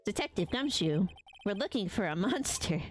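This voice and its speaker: A woman voicing an exasperated young male defense lawyer while reading game dialogue aloud, in a quick, incredulous way. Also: medium pitch, sing-song, faint music behind, lightly acted.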